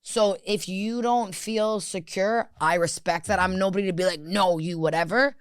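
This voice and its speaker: A woman guest on a podcast talks frankly and with energy, full of "like" fillers and casual swearing. Her voice sits at a middle pitch and is recorded close and dry, with no room sound. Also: normal speed, smooth, dry recording. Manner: blunt, animated, swears freely, many "like" fillers. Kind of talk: candid conversational chat.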